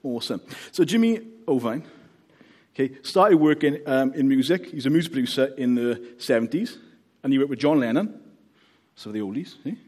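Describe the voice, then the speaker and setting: A man's voice: mid-range voice, expressive, moderate pace, darkish tone. A Welsh man preaching a casual, joking sermon, often checking in with the congregation. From Wales. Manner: chatty, joking, checks in with "okay?".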